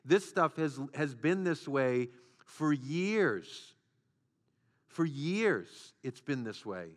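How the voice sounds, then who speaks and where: A man's voice: a little high, big pitch swings, very slow. A man preaching a sermon as a pastor, with repeated phrases and rhetorical questions. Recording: long hall reverb.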